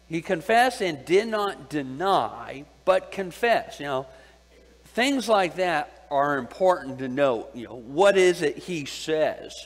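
A man teaching a Bible sermon, pausing often to ask his listeners questions and repeating his key points. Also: fairly high pitch. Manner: deliberate, asks the audience questions and repeats key phrases. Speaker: preacher. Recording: long hall reverb.

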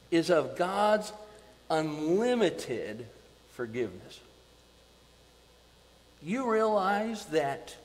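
A man preaching a sermon as pastor, swinging between loud emphasis and quiet, repeating words for weight. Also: on the high side, in a large hall, low-quality recording.

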